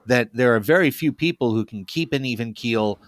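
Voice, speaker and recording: A man's voice: mid-range voice, a little fast, no echo, clean studio sound. A man co-hosting a casual baseball podcast, telling stories and reasoning aloud. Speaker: podcast co-host.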